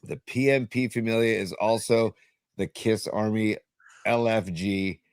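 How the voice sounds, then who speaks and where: A man with a fairly low voice co-hosts a casual podcast, starting sentences over and filling the gaps with ums. He sounds dry and close to the mic. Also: smooth, dry recording. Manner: halting, lots of ums and restarts. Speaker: podcast co-host. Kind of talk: casual sports and music chat.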